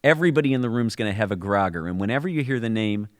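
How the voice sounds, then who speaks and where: Low-voiced man explaining at length. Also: expressive, racing. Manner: explanatory, storytelling with frequent restarts. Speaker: podcast co-host. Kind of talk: conversational explanation.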